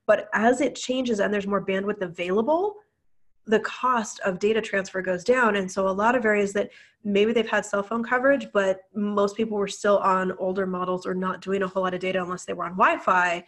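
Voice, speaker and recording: A woman's voice: medium pitch, steady tone, fairly quick. A woman co-hosting a casual business podcast, chatty and enthusiastic, often laughing. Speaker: podcast co-host.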